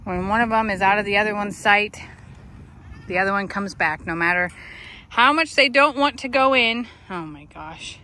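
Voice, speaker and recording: Outdoors, a woman films her goats dressed in Halloween costumes, chatting casually and cooing baby talk at them. Her voice is medium-pitched, bright and forceful, at a moderate pace.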